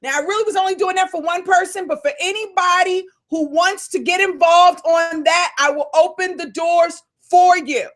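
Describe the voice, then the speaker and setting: A woman coach hosting a live Q&A call, fired up and loud, calling her listeners y'all. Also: extremely high pitch, normal speed, hardly any pauses.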